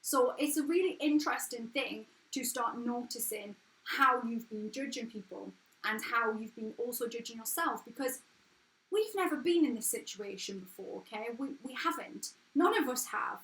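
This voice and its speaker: A woman's voice: fairly high pitch, expressive, moderate pace, a bit bright. Frank English woman in an echoey room. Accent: English, not posh. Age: 30s. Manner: frank, earnest and chatty, with restarts and swearing. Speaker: host of a live stream. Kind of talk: casual motivational live chat. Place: at home.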